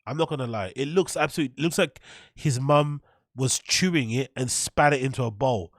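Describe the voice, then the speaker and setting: A man's voice: medium pitch, normal speed, no echo, clean studio sound. A man hosting a reaction show, ranting in mocking, incredulous, sweary bursts. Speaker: host. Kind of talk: reaction commentary.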